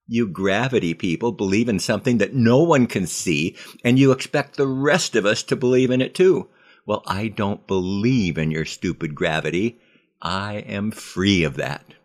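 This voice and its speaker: A man's voice: fairly low pitch, moderate pace, pitched above the performer's own voice, close to an everyday voice. A man voicing a stubborn, defiant adult male friend who speaks firmly and scornfully in a read-aloud story. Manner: firm, scornful.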